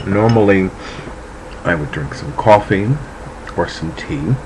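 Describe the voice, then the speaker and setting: A man with a lowish voice talks to his camera at home in a loose, rambling way, swearing freely as he goes. A faint hum of room noise sits behind him. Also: vocal fry. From New Jersey. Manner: chatty, meandering, swears freely. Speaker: vlogger, psychic. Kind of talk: casual rambling chat to camera. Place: at home, indoors.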